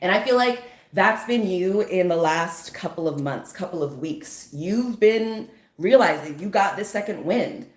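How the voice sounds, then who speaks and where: A woman's voice: lowish voice, lively intonation, a little slow, hardly any pauses. A woman giving a casual spiritual pep talk straight to the listener, emphatic and chatty, often checking in with "okay?". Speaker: spiritual motivational speaker. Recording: roomy echo.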